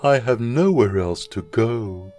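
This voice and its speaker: A man voicing a sad, lonely young duckling boy in a storybook reading, close to his own low voice. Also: expressive, takes it slowly. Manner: downcast, quiet.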